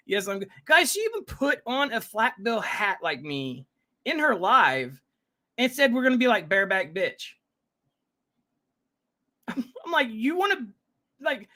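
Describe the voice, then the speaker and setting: A man's voice: high voice, bright, forceful tone. A man hosting a casual live reaction stream, chatting with viewers and greeting them by name, rambling with frequent self-interruptions. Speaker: livestream reaction host.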